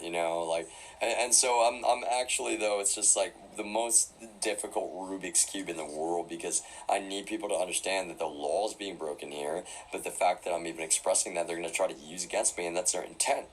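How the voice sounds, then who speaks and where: A man's voice: sits low, steady tone, fairly quick, a little hiss or hum, low-quality recording. A man talking through a live stream in a rambling way, full of fillers and restarts. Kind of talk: casual live-stream monologue.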